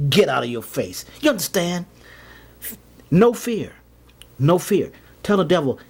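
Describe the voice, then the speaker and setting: A man's voice: sits high, big pitch swings, unhurried, long pauses, slightly rough. A man giving a rambling motivational monologue. He keeps repeating himself and pressing his points hard. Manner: rambling, repetitive, emphatic. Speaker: card trick performer and vlogger.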